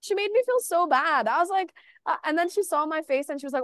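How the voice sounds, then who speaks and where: A young woman guest on a podcast, chatting casually and telling animated stories, acting out the quoted lines with lots of "like". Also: high voice, fast talker, dry recording. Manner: animated storytelling, acts out quotes, frequent "like". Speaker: artist guest.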